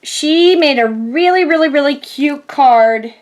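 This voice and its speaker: Casting note: bubbly high woman crafter, casual rambling vlog chat, laughs often, sore back. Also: expressive, unhurried. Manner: rambling, giggly, frequent fillers. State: sore back, groans a little. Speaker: crafting vlogger. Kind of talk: casual chatty haul video.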